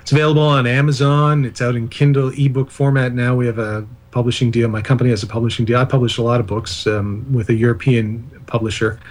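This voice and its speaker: A man's voice: mid-range voice, level tone, fast, few pauses. A man speaking as the guest author on a radio interview, explaining ideas at length with digressions and self-deprecating asides.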